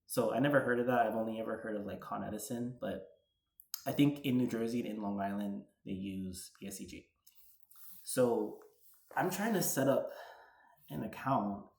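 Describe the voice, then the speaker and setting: This man, a vlogger in his thirties from around New York, speaks at normal speed in a lowish, creaky, slightly mellow voice. He's casually telling a personal story, full of "like" and recreated conversations. There's a roomy echo on the recording.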